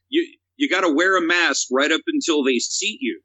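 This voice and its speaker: A man's voice: on the high side, fairly quick, few pauses, bright, forceful tone, poor audio. A man chatting on a comedy podcast in a loose, wry way, hesitating with fillers as he talks. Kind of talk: casual comedy podcast chat.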